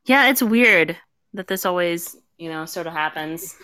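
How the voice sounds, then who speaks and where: Slow, bright-voiced woman co-host. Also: on the low side, expressive, clean tone. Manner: slow, agreeable back-channel replies. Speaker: podcast co-host. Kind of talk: casual live chat show.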